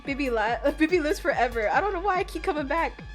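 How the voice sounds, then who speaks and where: A young woman streaming herself playing a game, chatting casually and playfully, swinging from loud outbursts to quiet mumbles. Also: high voice, animated, fast talker. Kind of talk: casual gameplay commentary. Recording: faint game music behind.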